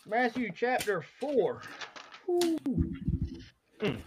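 A hoarse woman with a cracking voice leads a fervent Bible study, repeating phrases and asking rhetorical questions. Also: fairly high pitch, wildly swooping pitch, very slow, background noise.

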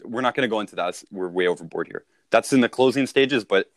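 Sales coach, male, lowish voice, punchy emphatic delivery, dry close sound. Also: quick pace, dry recording. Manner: emphatic, punchy, peppered with "right?". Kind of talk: casual podcast conversation.

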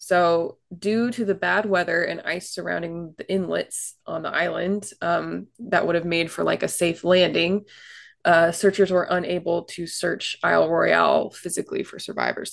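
A woman's voice: fairly low pitch, flat delivery, normal speed, vocal fry. A woman co-hosting a casual podcast, chatty, recounting history with fillers and asides. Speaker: podcast co-host telling a shipwreck story.

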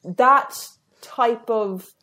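A woman's voice: on the high side, extremely slow, pushed and bright. A woman co-hosting a podcast, chatty and rambling, swearing casually. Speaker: podcast co-host.

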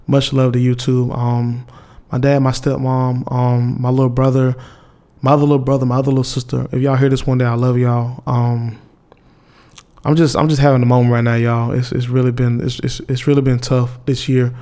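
A man's voice: mid-range voice, warm tone. A young man, talking to his viewers in a candid, rambling way with slang and restarts. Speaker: vlogger. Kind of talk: casual heartfelt monologue to viewers.

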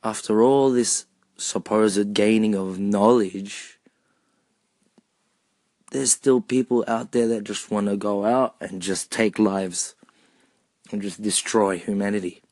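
Slow, measured man, dry sound. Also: fairly low pitch, fairly even intonation, a little mellow, no room sound. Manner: slow, measured, repeated rhetorical questions. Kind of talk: personal monologue.

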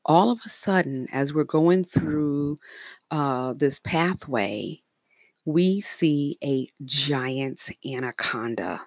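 A woman's voice: low-pitched, slow, no room sound. A woman casually narrating her dreams, rambling with fillers and restarts. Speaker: storyteller.

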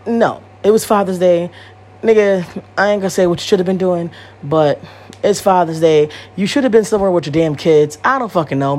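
A woman's voice: on the low side, darkish tone. A woman in her thirties hosting a podcast, talking in a blunt, profane and rambling way, repeating herself. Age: 30s. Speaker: podcast host. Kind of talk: casual monologue.

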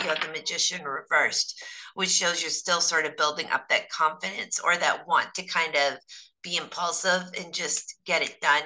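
A woman's voice: low-pitched, bright, forceful tone, poor audio. A woman giving a casual, chatty tarot reading on a live stream, her voice strained from overuse. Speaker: tarot reader.

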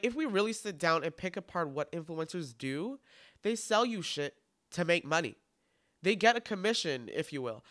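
A man's voice: a little high, bright, forceful tone, smooth. A man in his twenties hosting a solo podcast, talking in a sassy, campy, profane way. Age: 20s. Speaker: podcast host.

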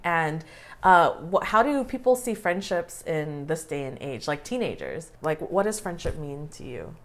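Young woman, host of a casual panel, animated with a wide-ranging voice. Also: deep voice, moderate pace. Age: young adult. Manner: animated, laughing, says "like" a lot. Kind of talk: casual group discussion.

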